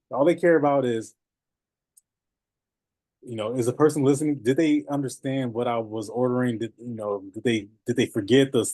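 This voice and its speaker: A man coaching notaries in a casual, animated talk, laughing often and repeating phrases. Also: medium pitch, dry recording.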